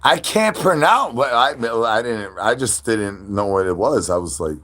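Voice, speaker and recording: A man livestreaming outdoors and chatting with his viewers. His voice is husky, and his pitch swoops around a lot. He is playful, full of goofy catchphrases and silly animal noises. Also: expressive, a little slow, a bit bright. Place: outdoors, standing.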